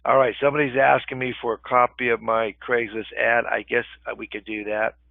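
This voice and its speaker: A man's voice: mid-range voice, little pitch movement, a little fast, gravelly, no echo. An older man teaching a live webinar in a conversational way, often checking in with the group. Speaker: real estate webinar instructor. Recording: tinny phone-line webinar audio, dry.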